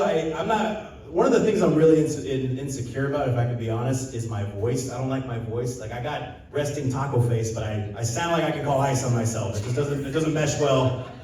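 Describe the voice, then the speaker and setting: Young stand-up comic from Southern California. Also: male voice, medium pitch, mellow. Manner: chatty crowd work, loose storytelling with act-out quotes. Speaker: stand-up comedian. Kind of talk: stand-up comedy set. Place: casino stage with a live audience. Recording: very echoey room, voice a bit distant.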